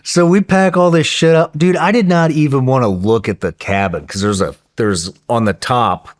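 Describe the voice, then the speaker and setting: A man telling a story in a podcast interview in a casual, profane, excitable way, often restarting his sentences. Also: medium pitch, normal speed.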